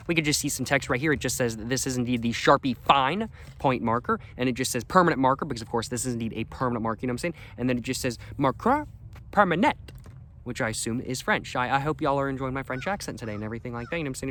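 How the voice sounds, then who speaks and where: A man's voice: medium pitch, a bit bright, slight background noise. A man reviewing a product in a casual, rambling way, repeating the same stock phrases.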